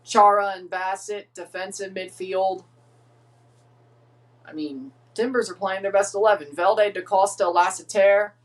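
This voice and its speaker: A man's voice: sits high, fairly even intonation, a little slow, distant mic. A man chatting casually while hosting a live match watchalong, rambling and reading team lineups aloud. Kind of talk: casual live reaction chat.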